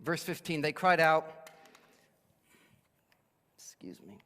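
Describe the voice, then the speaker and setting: A man's voice: on the high side, very animated, slow pace, bright, forceful tone. Man preaching in a reverberant church. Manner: expository preaching, acts out quoted speakers. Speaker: pastor. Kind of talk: sermon. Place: church sanctuary. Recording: long church hall reverb.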